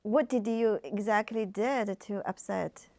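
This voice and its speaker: Woman host, attentive, unhurried, dry close sound. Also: medium pitch, a little mellow, no room sound. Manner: attentive, brief listening cues and questions. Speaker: podcast host. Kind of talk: interview.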